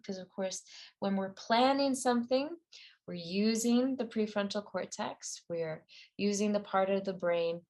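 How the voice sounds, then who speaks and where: A middle-aged woman teaching a mental-training class, speaking in an earnest, conversational way with some fillers and self-corrections. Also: fairly low pitch. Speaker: meditation and ski performance teacher. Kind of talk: guided class talk.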